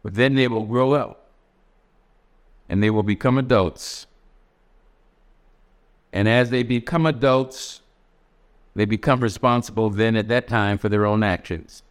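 A man preaching a sermon in a measured, plainspoken way. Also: fairly low pitch, fairly even intonation, clear, resonant tone.

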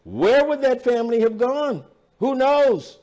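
An older man preaching a sermon, slow and emphatic, repeating key words for weight. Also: very high voice, sing-song, dark tone.

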